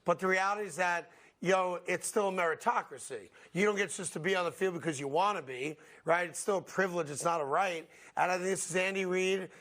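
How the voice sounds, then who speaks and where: A man hosting a sports talk show, telling football stories in an animated way and laughing often. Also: high voice. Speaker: sports radio host.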